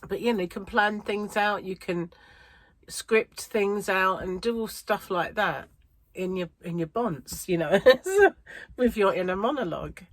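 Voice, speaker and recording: A woman's voice: mid-range voice, a little slow, no echo. A woman from the United Kingdom, a crochet vlogger, chatting casually to her viewers in a rambling way with many fillers and frequent laughs. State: a bit out of breath. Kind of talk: casual chat to camera.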